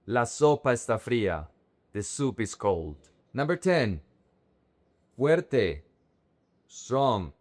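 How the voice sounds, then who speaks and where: A young man teaches vocabulary at an unhurried pace. He says each word slowly and carefully, then repeats it in drills. His voice sits at an ordinary middle pitch. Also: big pitch swings. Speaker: Spanish teacher. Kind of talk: vocabulary lesson to camera.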